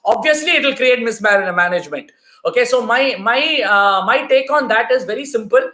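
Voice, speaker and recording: A man's voice: very high-pitched, lively intonation, moderate pace, pushed and bright, reverberant. A man giving a live online talk as a parenting coach, emphatic and repeating his key points to the audience. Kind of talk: live online talk answering viewer questions.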